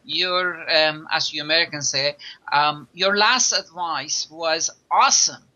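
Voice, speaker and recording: A man's voice: fairly high pitch, unhurried, pushed and bright, highs cut off. A man voicing a cheerful man in his nineties in a told joke, with a cheery, lifted delivery. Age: 90s. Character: cheerful elderly man patient.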